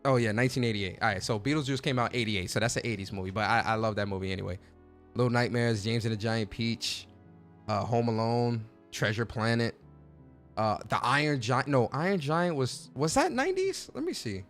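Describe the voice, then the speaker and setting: A man in a casual livestream chat, chatty and slangy, his voice jumping up and down as he gets excited. He sits at a middle pitch, and soft music plays underneath him. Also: fairly quick. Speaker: podcast host.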